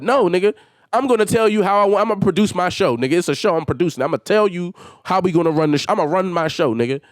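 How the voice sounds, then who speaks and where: A man's voice: high voice, no echo, studio quality. A man hosting a solo podcast, venting in a heated and exasperated way with emphatic swearing. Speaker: podcast host.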